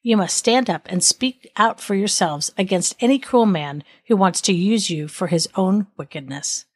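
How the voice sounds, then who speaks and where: A woman voicing a stern, just king who commands and questions forcefully in a read-aloud story. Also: mid-range voice, moderate pace, husky, lightly acted. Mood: proclaiming.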